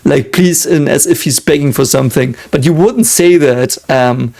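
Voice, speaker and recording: A man's voice: fairly high pitch, moderate pace, vocal fry, a little mellow. A German man hosting a casual reaction video, talking in English with a German accent, hesitant and full of fillers and restarts, chuckling often.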